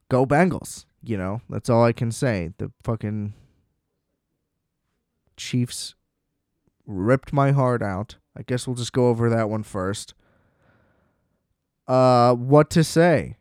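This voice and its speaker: A man's voice: medium pitch, slow, long pauses, a little mellow, dry recording, clean studio sound. Profane, sarcastic man ranting about sports. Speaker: sports commentator. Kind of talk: casual solo sports rant.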